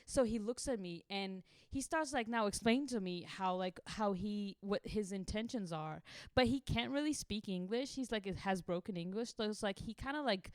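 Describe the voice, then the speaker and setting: Israeli-born woman on a podcast, smooth voice, dry room, swears a lot, laughs mid-story. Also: medium pitch, no echo. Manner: animated, profane, laughs through the story. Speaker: podcast co-host. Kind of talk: casual storytelling.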